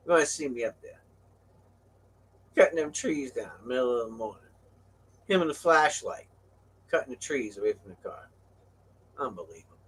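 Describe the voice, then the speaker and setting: Husky older man spinning a yarn. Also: mid-range voice, bright, forceful tone. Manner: rambling, laughs often, acts out voices in quotes. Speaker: show guest telling stories. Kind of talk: casual storytelling. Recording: voice a bit far from the mic.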